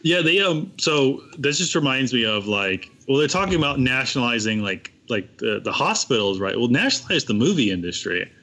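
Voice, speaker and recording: A young man chatting casually on a podcast, rambling and profane as he tells animated stories. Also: mid-range voice, fairly quick, few pauses.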